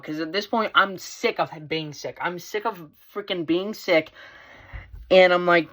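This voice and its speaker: Teen boy, casual vlog storyteller, rambling and animated. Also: fairly high pitch, measured pace. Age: teens. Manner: rambling, with many fillers and restarts; animated, voice rising when excited. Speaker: vlogger.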